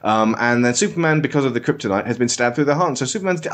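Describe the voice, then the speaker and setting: A man's voice: medium pitch, expressive, racing, hardly any pauses. A man hosting a podcast, giving a casual, sarcastic spoken film review and slipping into mock voices.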